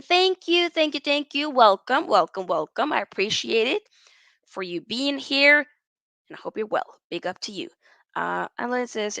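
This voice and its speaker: A woman hosting a casual football livestream, rambling and animated as she reads out chat and answers viewers. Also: on the high side, unhurried, creaky, dry recording. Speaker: football channel host.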